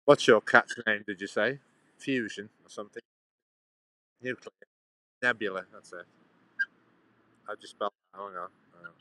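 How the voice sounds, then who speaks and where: A man's voice: fairly low pitch, moderate pace, long pauses, sharp tone, rough recording. A man rambling on a live stream outdoors, chatting back to his viewers. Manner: chatty, meandering, answers chat questions. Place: outdoors in a sunny town.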